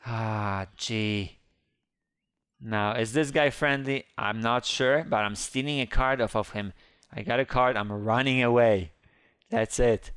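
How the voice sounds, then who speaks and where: A man giving excited, playful game commentary who squeals up high whenever he panics. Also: a little slow, clean tone, no echo, clean studio sound. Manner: squeals high when panicked, playful kid-friendly banter. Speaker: gaming YouTuber.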